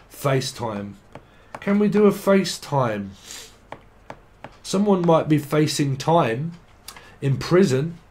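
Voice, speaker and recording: This man's voice sits in the mid range and sounds a little mellow. He's giving an offhand tarot reading, a rambling, profane monologue that now and then breaks into sing-song chanting.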